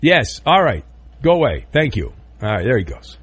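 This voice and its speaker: A man's voice: mid-range voice, huge pitch swings, normal speed, fairly bright tone, husky. A man hosting a sports talk radio show, chatting loosely and joking between listener notes and calls. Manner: loose, joking, rambling with fillers.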